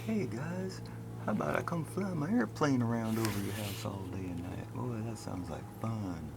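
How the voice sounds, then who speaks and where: A man's voice: lowish voice, animated, normal speed, gravelly, heavy background noise, voice pushed up. A man putting on the voice of a callous, boastful male pilot in a sneering caricature. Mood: taunting. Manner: loud, mocking, sneering caricature.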